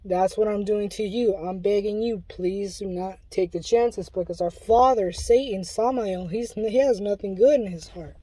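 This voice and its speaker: A woman's voice: medium pitch, normal speed, few pauses, warm tone, breathy edge, no echo, low-quality recording. A woman giving an impassioned religious warning, pleading and urgent, often restarting her sentences.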